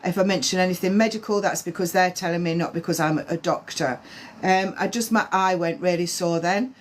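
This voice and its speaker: A woman medium giving live-stream spiritual readings, talking in a halting way with many fillers and restarts. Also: on the low side.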